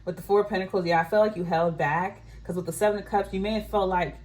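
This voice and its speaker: A woman's voice: medium pitch, fairly even intonation, quick pace, a little mellow. A woman giving a casual tarot reading to her viewers, musing aloud and often saying "I feel like". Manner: chatty, musing, frequent "I feel like". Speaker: tarot reader. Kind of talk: casual psychic reading to camera.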